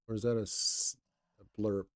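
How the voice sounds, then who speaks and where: A young man streaming and chatting casually with viewers in a relaxed, rambling way, his voice a little raw today. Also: lowish voice, normal speed, dry recording, studio quality. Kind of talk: casual live-stream chat.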